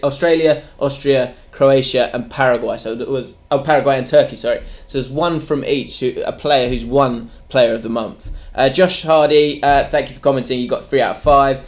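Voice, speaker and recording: A man hosting a casual football podcast, chatty and quick to laugh. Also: medium pitch. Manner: laughs often, loose and chatty. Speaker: podcast host.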